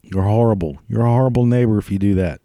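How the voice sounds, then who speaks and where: A man with a lowish, dark voice talks fast in a profane comedic rant, crude and swearing constantly while laughing at his own jokes. The studio-quality recording has no room sound.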